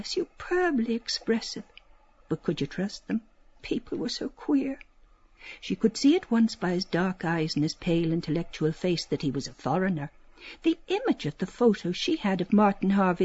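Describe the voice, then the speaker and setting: Brief: female audiobook narrator, lively lilting delivery, breathy tone, dry dull recording. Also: lowish voice, no room sound. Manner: expressive, lilting storytelling with soft hushed passages. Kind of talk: literary audiobook reading.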